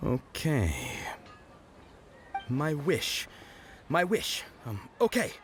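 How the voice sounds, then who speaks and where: Lovestruck young game knight, bashful, hesitant, a bit high, lively pitch, game music behind. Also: male voice, extremely slow, heavily acted. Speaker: game character. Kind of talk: video game voice acting.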